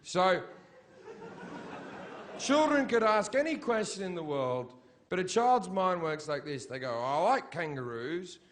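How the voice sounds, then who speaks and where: A man doing a stand-up routine before a live audience, profane and mocking, building up to shouted rants. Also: sits high, very animated, measured pace, long pauses, a little hiss or hum. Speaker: stand-up comedian.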